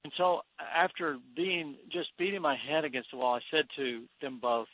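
A man's voice: on the high side, steady tone, moderate pace, a little hiss or hum. A man, a financial expert, is a guest on a radio interview, telling a personal story in an earnest, heartfelt way. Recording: tinny phone line, dry.

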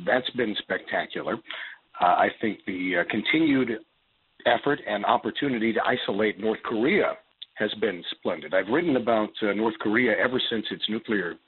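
Radio guest over phone line: man, congested, low-ish, measured with lots of pauses, tinny. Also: breathy edge. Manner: measured, many filler pauses. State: congested, partly lost voice. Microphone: telephone studio line.

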